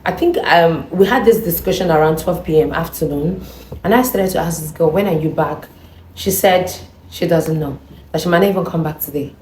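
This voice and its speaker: A woman vlogger telling a personal story in an animated, indignant way, acting out the dialogue. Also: fairly low pitch, brisk, a little hiss or hum. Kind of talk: storytime monologue. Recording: echoey room.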